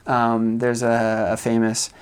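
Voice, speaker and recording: A young man from the United States, chatting casually as a vlogger, with loose, rambling talk full of fillers and soft laughs. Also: medium pitch, completely flat delivery, slow, clean tone. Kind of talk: casual chat.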